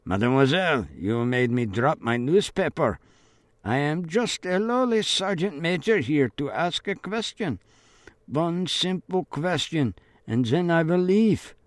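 A man's voice: fairly high pitch, animated, measured pace, no room sound, voice pushed up. A man voicing a menacing German sergeant major who questions in a cold, insistent way.

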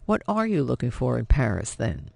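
A man's voice: mid-range voice, wildly swooping pitch, moderate pace, creaky, darkish tone, no room sound, full character voice. A man playing a bitter, drinking middle-aged father who speaks in a weary, stern manner.

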